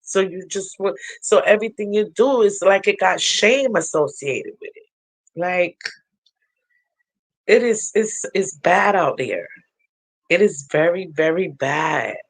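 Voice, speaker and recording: A woman's voice: on the low side, expressive, takes it slowly, rough recording. A woman giving a spiritual reading and vlogging in a casual, earnest storytelling manner, breaking into laughter often. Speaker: spiritual reader. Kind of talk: casual spiritual vlog talk.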